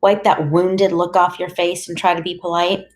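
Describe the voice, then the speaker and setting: A woman's voice: on the low side, level tone, normal speed, natural voice. A woman reading an audiobook, voicing a fussy, proper grandmother who talks in a prim, polite way.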